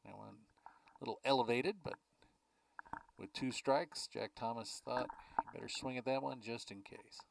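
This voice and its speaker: A man calling a baseball game play by play from a ballpark press box, chatting easily between pitches. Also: normal speed, vocal fry, distant mic, heavy background noise. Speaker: play-by-play announcer.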